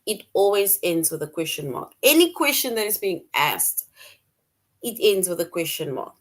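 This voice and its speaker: A woman's voice: fairly low pitch, big pitch swings, moderate pace. A woman teaching a middle-school grammar lesson, repeating key points and explaining with examples.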